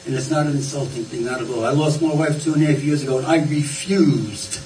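A man's voice: fairly high pitch, fairly quick, warm tone, slight background noise. A man preaching a sermon in a folksy, conversational way, often repeating his words. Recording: roomy, distant, faint ambience.

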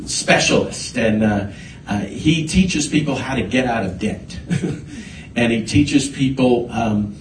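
A man preaching a sermon, telling a personal story with halting restarts before building to emphatic points. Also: medium pitch, a little hiss or hum. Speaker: pastor. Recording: echoey hall, voice from a distance.

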